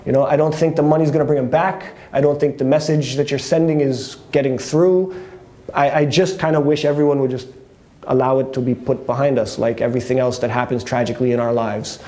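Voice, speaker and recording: A man's voice: medium pitch, steady tone, brisk, mellow. A man hosting his own show, sharing his opinions in a candid, conversational monologue, thinking aloud and restarting his sentences. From Canada. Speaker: host.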